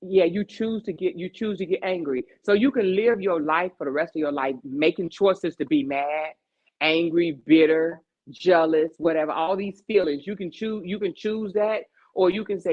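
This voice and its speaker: A woman's voice: lowish voice, normal speed, narrow, tinny audio. A woman hosting a casual chat who gives emphatic, preachy life advice and keeps checking in with rhetorical questions. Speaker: podcast host.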